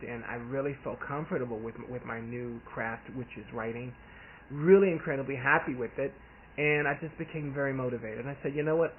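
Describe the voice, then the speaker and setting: A man from the Deep South, an author talking casually and earnestly, rambling with restarts. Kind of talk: casual vlog talk. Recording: tinny phone-like audio with faint hiss.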